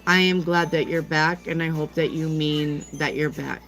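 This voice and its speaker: A woman's voice: deep voice, fairly even intonation, moderate pace, fairly bright tone, faint music behind. An older woman hosting a tarot livestream, chatting casually and affectionately, greeting viewers by name.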